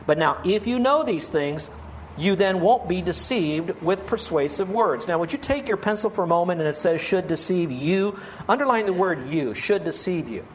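A man's voice: high voice, expressive, moderate pace, slight background noise. A pastor giving an earnest, pleading sermon, asking his listeners many rhetorical questions.

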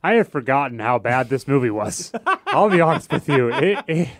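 A man's voice: medium pitch, sing-song, moderate pace, no echo, clean studio sound. A man on a podcast, joking wryly in casual chat. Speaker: podcast co-host.

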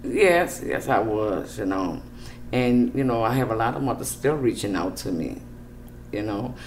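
A middle-aged woman, a grieving mother interviewed for a news report, speaking softly and emotionally with many "you know"s. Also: rumbling low, lively intonation, a little slow, a little hiss or hum. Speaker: grieving mother, support group founder.

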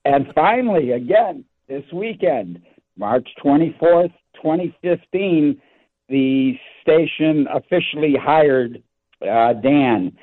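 Older male caller, mid pitch, friendly and halting, phone-line sound. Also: animated. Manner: friendly, recounting dates, halting with fillers. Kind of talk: call-in talk radio.

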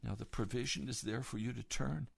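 A man's voice: medium pitch, a little fast, gravelly, husky. A man preaching a fervent sermon as a pastor, urgent and exhorting, rising to stern emphasis.

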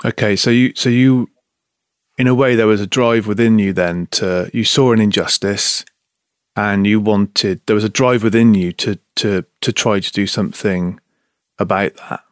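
Male host, interviewer, thoughtful probing questions, fairly low voice. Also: steady tone, moderate pace. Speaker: podcast host.

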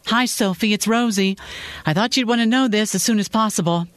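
A woman voicing a sympathetic office colleague leaving a gentle, hesitant voicemail. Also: mid-range voice, a little fast, no echo, pitched above the performer's own voice, natural voice. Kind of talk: audiobook-style fiction reading.

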